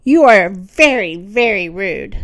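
A woman's voice: mid-range voice, expressive, slow, pitched below the performer's own voice. A woman voicing a motherly woodchuck who fusses over guests and scolds rude ones. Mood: scolding. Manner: bossy, scolding.

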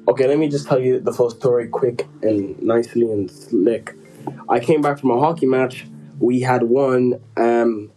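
A man's voice: medium pitch, mellow, rough recording. A man chatting casually and telling a rambling, joking story about his school days. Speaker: podcast co-host telling a story. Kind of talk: casual chat.

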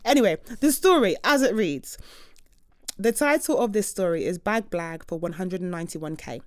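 A woman, hosting a chatty podcast, animated and quick to laugh, with emphatic outbursts. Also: fairly low pitch, dry recording, clean studio sound. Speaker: podcast host. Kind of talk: casual chatty monologue.

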